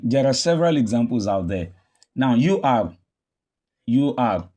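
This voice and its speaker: Man, english teacher, pronunciation drill, unhurried pace, repeats words. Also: medium pitch, animated, warm tone. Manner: slow, repeats each word several times for drilling. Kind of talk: pronunciation lesson.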